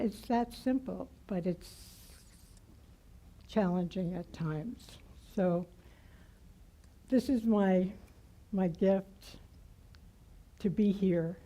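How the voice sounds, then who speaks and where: A woman minister giving a gentle, heartfelt sermon in a church. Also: mid-range voice, highs cut off. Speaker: guest minister. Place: church sanctuary.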